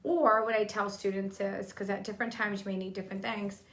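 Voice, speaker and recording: Bright-voiced woman psychic, chatty. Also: medium pitch, flat delivery, a little fast. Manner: chatty, teaching with gestures, frequent ums. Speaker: psychic medium and co-host. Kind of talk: casual chat.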